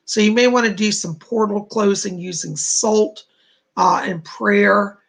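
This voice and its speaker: A man's voice: high voice, steady tone, unhurried, gravelly, fairly bright tone. A man hosting a livestream, giving psychic readings to viewers, reassuring and chatty with many fillers. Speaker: psychic medium host.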